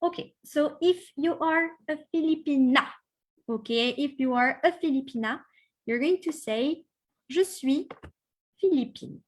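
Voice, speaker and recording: Woman, fairly high voice, online language teacher, encouraging, careful pronunciation. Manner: encouraging, reads out student comments, models French pronunciation slowly. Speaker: French teacher.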